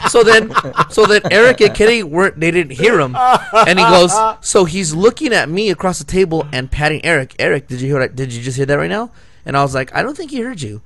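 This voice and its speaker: A man co-hosts a podcast, chatting casually as he tells a long, meandering story filled with "like," restarts and plenty of laughter. His voice is a little high, a little fast and a bit bright.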